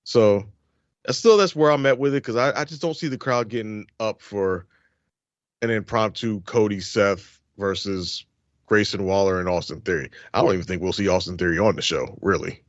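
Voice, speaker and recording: A man co-hosting a casual wrestling podcast, giving measured, hedged opinions. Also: fairly low pitch, no echo. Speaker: podcast co-host. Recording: dry lo-fi audio.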